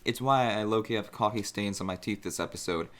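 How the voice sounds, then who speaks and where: Low-voiced young man hosting a chat podcast. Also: fairly quick, a bit bright. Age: 20s. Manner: chatty, rambling, self-conscious. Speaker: podcast co-host. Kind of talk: casual chat.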